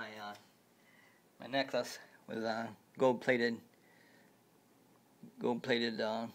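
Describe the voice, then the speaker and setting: A man making a casual home video about video games, talking in a halting, repetitive way with many restarts. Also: medium pitch. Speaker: video game vlogger. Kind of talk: rambling home video chat.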